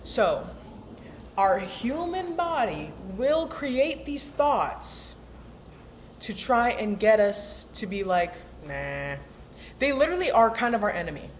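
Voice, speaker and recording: Slow but very animated, her fairly high voice carries over slight background noise. The young self-help vlogger chats casually about mindset, emphatic and slangy, dramatizing the voices in her head.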